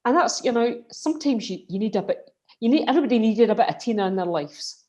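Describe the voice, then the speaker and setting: A woman's voice: fairly high pitch, lively intonation, darkish tone. Scottish woman guest, emphatic and passionate, heard over a video call. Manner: passionate, emphatic, quick restarts. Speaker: guest speaker, colleague. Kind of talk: casual remembrance conversation.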